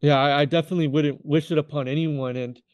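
A man in his thirties from California, telling his life testimony as a guest in an earnest, halting way, often repeating words as he restarts. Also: on the high side, steady tone, darkish tone, dry recording. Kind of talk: personal testimony storytelling.

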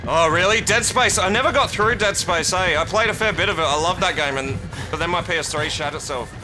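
A man streaming a horror game live, swearing a lot and yelling in panic between muttered asides. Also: high-pitched, brisk, noisy background. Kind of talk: live horror gameplay commentary. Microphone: streaming mic.

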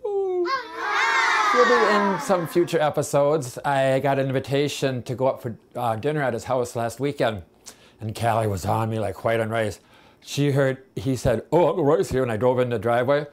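A man's voice: mid-range voice, normal speed, some chatter behind. A man hosting a home cooking show, talking in a rambling, chatty way full of asides.

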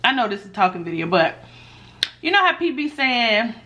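A woman chatting casually while she eats on camera, reading viewer questions aloud and answering in a laid-back, animated way that often breaks into laughs. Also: a little high, brisk. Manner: animated, laughs often when telling stories. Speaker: mukbang vlogger.

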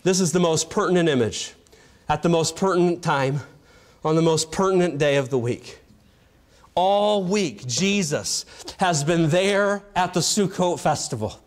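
A man preaching an evangelistic sermon, building to loud shouted passages and then dropping to a low, quiet delivery. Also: a little slow.

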